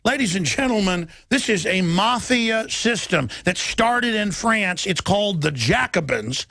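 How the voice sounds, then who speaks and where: Gravelly, high-pitched ranting man. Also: lively intonation, no echo, studio quality. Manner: impassioned, shouting, rapid-fire ranting. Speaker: talk radio host. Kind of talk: ranting political talk show.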